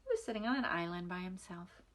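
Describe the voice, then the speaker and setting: A woman reading a picture book aloud to small children in a gentle, expressive way. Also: fairly low pitch, quick pace. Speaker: nursery school reader. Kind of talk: storybook read-aloud for children.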